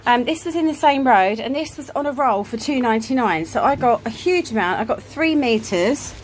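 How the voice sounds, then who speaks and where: A woman talks through her craft room in a relaxed, rambling way, full of ums and soft laughs. Her voice sits a little high and she sounds slightly out of breath. A faint hiss of room noise lies under the handheld camera audio. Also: brisk, poor audio. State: a bit out of breath. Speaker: craft vlogger. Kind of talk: casual vlog chat. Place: home craft room, indoors.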